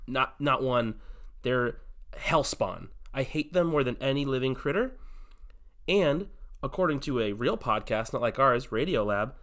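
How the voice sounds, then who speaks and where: A man's voice: medium pitch, expressive, a little slow, a bit bright. A man co-hosting a comedy podcast, casual and goofy, launching into mock-theatrical rants. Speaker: podcast co-host.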